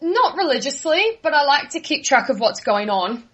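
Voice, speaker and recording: A woman's voice: high voice, sing-song, normal speed, a bit bright, lo-fi sound. A young woman from Australia with an Australian accent, answering interview questions casually and in a friendly way, laughing easily. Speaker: guest.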